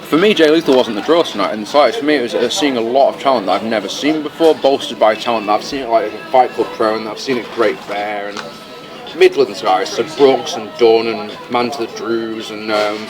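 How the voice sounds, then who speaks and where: A man co-hosting a casual podcast, chatty and swearing casually, recorded in a fast-food restaurant. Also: lowish voice, music in the background. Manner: chatty, swears casually, talks while eating. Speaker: podcast co-host. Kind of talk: casual chat. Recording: noisy crowded restaurant. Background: busy restaurant crowd chatter.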